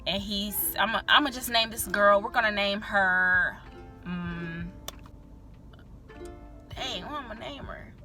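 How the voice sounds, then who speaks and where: A woman's voice: medium pitch, takes it slowly, pauses often, bright, forceful tone, faint music behind. A young woman vlogger telling a candid personal story in a chatty, filler-heavy way, swearing freely.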